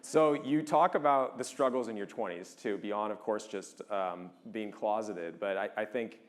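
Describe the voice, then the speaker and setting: A man conducts an onstage interview, asking friendly, admiring questions in a relaxed conversational way. His voice sits a little low. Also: moderate pace.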